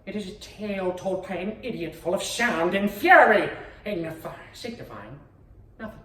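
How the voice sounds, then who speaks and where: A man's voice: sits high, sing-song, moderate pace, fairly bright tone, voice pushed up. Peter Griffin, as a man puts him on. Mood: hammy. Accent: Boston. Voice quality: raspy S sounds. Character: dim-witted middle-aged cartoon dad, grown child. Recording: roomy echo, distant mic.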